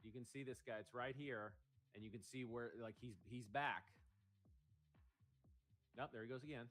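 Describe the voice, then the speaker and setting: A man talks through live trading commentary in a measured, analytical way, thinking aloud as he goes. His voice sits at an everyday middle pitch for a man. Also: fairly bright tone. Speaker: day trader co-hosting a livestream.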